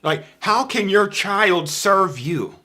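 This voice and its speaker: A man's voice: high voice, expressive, slow, sharp tone. A man giving an informal livestream sermon, emphatic and repeating his key phrases. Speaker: preacher on a livestream.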